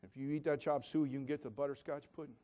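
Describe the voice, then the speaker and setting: A man's voice: mid-range voice, fairly even intonation, fast, mellow. An older man preaching a sermon in a folksy, homespun storytelling way with fervent conviction.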